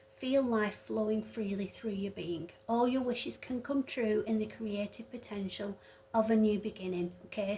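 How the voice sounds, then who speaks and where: A woman giving a tarot reading who speaks gently and earnestly, with many pauses and fillers, and who sounds emotional and close to tears. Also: mid-range voice, a little hiss or hum, low-quality recording. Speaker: tarot reader. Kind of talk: reassuring tarot reading to viewers.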